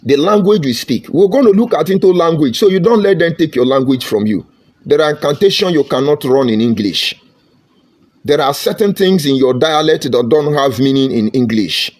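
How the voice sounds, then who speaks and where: A man's voice: fairly high pitch, animated, normal speed, a little mellow. A man with a Nigerian accent giving an impassioned, preachy monologue, repeating his points with emphasis. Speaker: online commentator.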